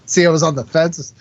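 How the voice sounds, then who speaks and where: A man co-hosting a podcast, chatting about films in an agreeable, joking way. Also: extremely high pitch. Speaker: podcast co-host. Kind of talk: casual film discussion. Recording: dull lo-fi audio with faint noise.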